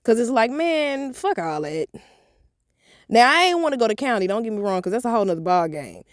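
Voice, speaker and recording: A woman vlogger telling a story from her own life in an animated, profane, blunt way. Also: fairly high pitch, fairly quick, no echo, clean studio sound. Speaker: motivational vlogger. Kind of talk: storytime vlog.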